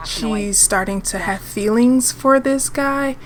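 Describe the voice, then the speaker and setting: A woman's voice: fairly high pitch, slow pace. A woman narrating a life-sim game story in a casual, rambling way, full of fillers and restarts. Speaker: let's-play narrator.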